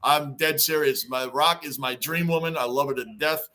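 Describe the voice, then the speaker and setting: A man's voice: fairly high pitch, fairly even intonation, moderate pace, sharp tone. A middle-aged man hosting a casual livestream from his basement, reading out fan chat and repeating himself for emphasis. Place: home basement.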